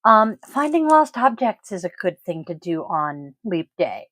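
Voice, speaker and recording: Woman podcast host, unhurried delivery, dry close sound, stresses key words. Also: fairly low pitch, very animated, fairly bright tone, dry recording, rough recording. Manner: deliberate, stresses key words, frequent ums. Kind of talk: casual solo podcast talk.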